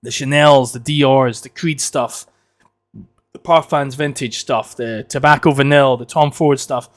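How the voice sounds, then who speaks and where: A man's voice: medium pitch, fairly even intonation, measured pace. A man from the United Kingdom hosting a solo podcast, rambling and swearing as he jokes and rants. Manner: rambling, profane, joking ranting. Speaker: podcast host. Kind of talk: casual solo podcast monologue.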